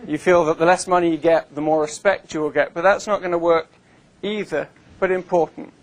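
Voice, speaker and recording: A man's voice: a little high, fairly even intonation, fairly quick. Man giving a wry, chatty conference talk. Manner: conversational and wry, with frequent fillers. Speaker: invited speaker. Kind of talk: conference presentation to a live audience. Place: conference room with an audience.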